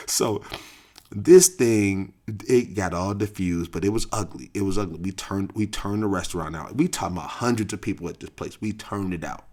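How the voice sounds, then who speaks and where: A middle-aged man with a St. tells a story in casual, profane podcast talk. His voice sits low, but his pitch swings widely as he laughs and acts out heated shouting. He is loose, lively and unfiltered. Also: creaky, slightly rough. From St. Louis, USA. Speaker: podcast host and basketball coach.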